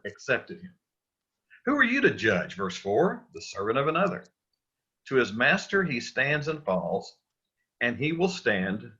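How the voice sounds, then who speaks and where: A man's voice: medium pitch, bright, forceful tone, lo-fi sound. A man teaching a church Sunday school class, talking casually with restarts and questions to the group. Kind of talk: Bible study lesson.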